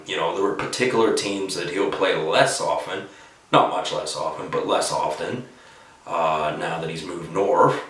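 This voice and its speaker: A man's voice: deep voice, fairly bright tone, recorded from a distance. A man giving his hockey opinions in casual, rambling talk, full of fillers. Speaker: hockey commentator. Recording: echoey room, voice off-mic.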